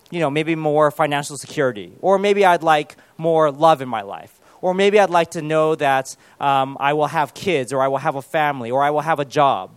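A man in his thirties preaching a conversational sermon. He mixes in self-deprecating jokes and prays aloud softly. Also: on the high side, no room sound. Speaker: pastor.

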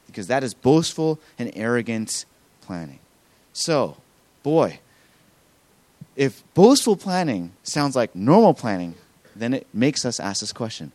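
A man preaching a sermon as pastor, acting out quotes with lively emphasis. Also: mid-range voice, normal speed, no echo. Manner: animated preaching with acted-out quotes.

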